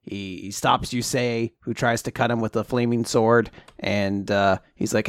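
A man in casual chat, animated and laughing often as he swears and acts out character lines. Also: mid-range voice, normal speed, dry recording, studio quality. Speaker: podcast co-host. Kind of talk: casual chat recapping a comic.

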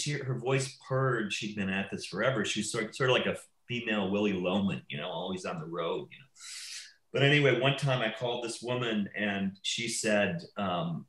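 Rambling storyteller man, echoey room. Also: lowish voice. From Wisconsin. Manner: rambling, self-interrupting, animated anecdotes. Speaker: documentary filmmaker guest. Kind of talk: casual conversational storytelling.

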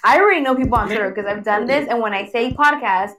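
A woman's voice: fairly high pitch, fast talker, a bit bright, slight background noise. A woman hosting a casual podcast from home, chatty and laughing, chatting while she eats. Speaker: podcast host.

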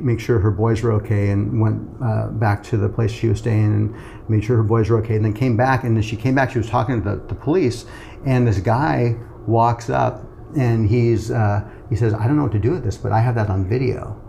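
A man's voice: lowish voice, fairly even intonation, moderate pace, vocal fry, dark tone, a little hiss or hum. A middle-aged man telling a personal story in casual conversation, acting out the voices of the people in it. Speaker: guest telling his story.

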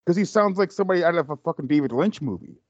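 A man's voice: a little high, lively intonation, rapid-fire, no room sound. A man in casual chat about a movie, rambling with lots of fillers and swearing. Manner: rambling, profane, many fillers. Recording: dull lo-fi sound.

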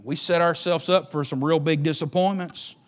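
A man's voice: on the high side, fairly even intonation, moderate pace. A man preaching a sermon, folksy and repetitive, often restarting his words.

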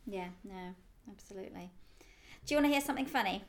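A woman's voice: mid-range voice, animated, fast talker. A woman co-hosting a casual podcast chat, telling stories in a chatty, giggly way. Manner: chatty anecdotal storyteller, giggly. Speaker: co-host.

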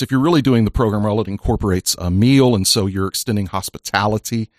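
A man's voice: on the low side, no room sound, studio quality. A man who is a pastor and podcast host, joking with guests and then earnestly explaining a church program. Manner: jovial, earnest when explaining. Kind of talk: casual chat and enthusiastic endorsement.

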